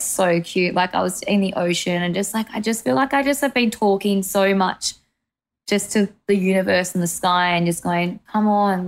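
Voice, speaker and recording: A woman's voice: mid-range voice, vocal fry. A young Australian woman hosting a podcast, chatting candidly and rambling with lots of "like" and casual swearing. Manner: rambling, frequent "like", swears freely. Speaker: podcast host.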